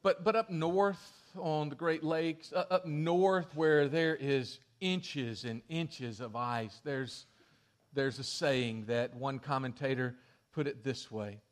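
A man preaching a sermon, telling the story with lively shifts in volume and acting out quoted lines. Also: fairly high pitch, slow. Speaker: pastor.

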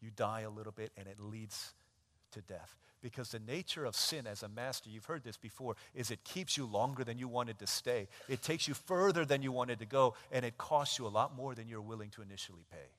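A man preaching a sermon, telling an animated story and acting out the voices of the people in it. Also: medium pitch, fairly quick, long reverb tail.

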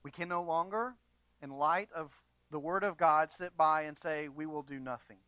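A pastor preaching a sermon to his congregation, moving from quiet, measured passages to emphatic, raised appeals. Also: a little high, smooth, no room sound, highs cut off. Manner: earnest preaching, swings between quiet and emphatic.

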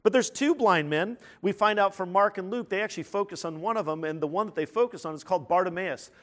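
Male preacher with a high voice, animated and emphatic, who rises to sudden loud outbursts and keeps asking his listeners questions. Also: fast. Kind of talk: sermon.

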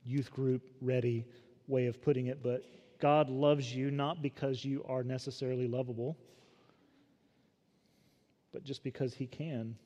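A man preaching a sermon with a conversational, joking manner, shifting between loud emphasis and quiet reflection. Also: medium pitch, little pitch movement, a little slow, long pauses, big-room sound, lo-fi sound. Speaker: pastor.

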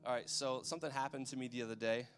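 Male preacher, easygoing and chatty, mid pitch, soft music bed. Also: steady tone, very fast. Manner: conversational, checks in with the audience. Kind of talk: sermon.

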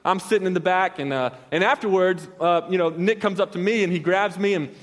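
Preaching in a large hall, a young man with a high voice moves a little fast through a story-based sermon. He's a pastor with a loose, rambling style, slipping in slangy asides and often starting over.

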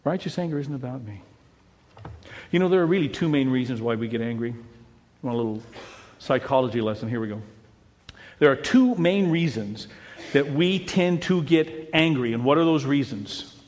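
A middle-aged man, a pastor, preaching a sermon in an animated way, dropping to a hush and then rising to a shout. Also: medium pitch, moderate pace, big-room sound. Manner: animated preaching, swinging between hushed and shouting.

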